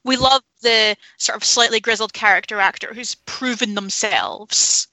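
Woman, casual film chat, opinionated, bright tone, dry sound. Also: fairly high pitch, steady tone, measured pace, no room sound, poor audio. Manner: opinionated, candid, swears freely. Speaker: film podcast panelist.

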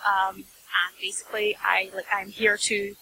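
A Scottish woman chatting on a podcast, wry and self-mocking, quick to laugh. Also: mid-range voice, level tone, gravelly, noisy background. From Scotland, near Dundee. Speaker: podcast co-host, book reviewer. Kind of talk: casual podcast chat.

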